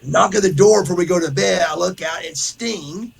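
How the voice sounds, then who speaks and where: A podcast host with a high-pitched, gravelly voice tells a rowdy story at a moderate pace in casual chat. An animated storyteller, he says "brother" and acts out other people's lines and quotes as he goes.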